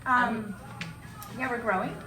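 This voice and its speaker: A woman's voice: a little high, fairly even intonation, slow. A woman who co-founded a salon, chatting casually in an interview, laughing easily and restarting her phrases. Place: echoey salon room. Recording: echoey room with loud background music.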